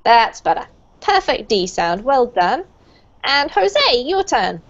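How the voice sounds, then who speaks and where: A woman's voice: on the high side, very animated, slow. A woman teaching an online pronunciation class, encouraging and upbeat, praising students often. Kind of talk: online group pronunciation lesson. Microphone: video call. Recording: dull lo-fi video call audio.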